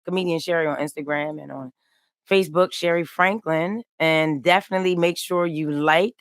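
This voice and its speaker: A woman's voice: sits low, clear, resonant tone, no echo, studio quality. Joking woman podcast host. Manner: playful, acts out voices in quick bits. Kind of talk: casual comedic chat.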